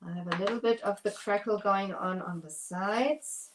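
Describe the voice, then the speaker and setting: A woman's voice: medium pitch, moderate pace, slight background noise. A woman who owns a craft shop, hosting a casual live stream. She talks while she works and thanks her viewers by name. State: out of breath.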